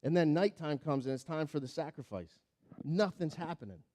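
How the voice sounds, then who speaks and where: A man preaching a sermon, his voice sitting a little high but mellow and warm in tone. He tells the story with lively energy, acting out each character, and then drops low and quiet when he applies the lesson. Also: moderate pace. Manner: animated storytelling, acting out the characters with big swings in loudness. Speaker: pastor.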